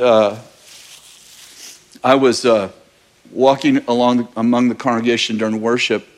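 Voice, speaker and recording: A man preaching as pastor, telling a personal story in a casual, candid way and laughing now and then. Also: mid-range voice. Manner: conversational, candid, with bursts of laughter. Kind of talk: sermon storytelling.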